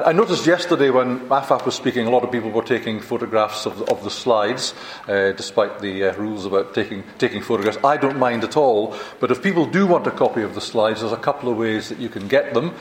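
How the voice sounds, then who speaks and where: A man's voice: on the low side, a little hiss or hum. Older Scottish man lecturing in an echoey hall. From Scotland. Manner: chatty, self-deprecating, halting with many restarts. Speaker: visiting university lecturer. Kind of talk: conference keynote talk.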